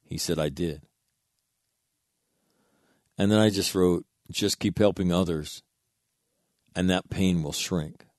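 A man with a very low, darkish voice tells a heartfelt story earnestly, like a spoken monologue, using casual, blunt words and swearing freely. He takes it slowly with long pauses, and the sound is dry and close, with no room echo.

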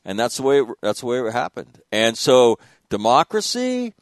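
A man and military veteran telling war stories in a casual chat, animated and swearing freely. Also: medium pitch, normal speed, no echo. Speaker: podcast host, military veteran.

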